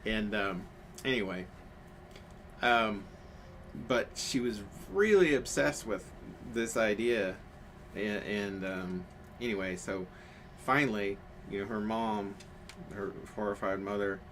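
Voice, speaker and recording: A man's voice: on the low side, slow, fairly bright tone, slight background noise. A man telling a rambling story in casual chat on a craft stream, full of fillers and restarts.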